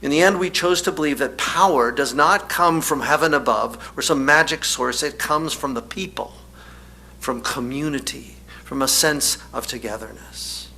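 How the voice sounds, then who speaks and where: Wry, bright-voiced male minister preaching. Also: mid-range voice, normal speed. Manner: storytelling, wry, laughs often. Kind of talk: sermon.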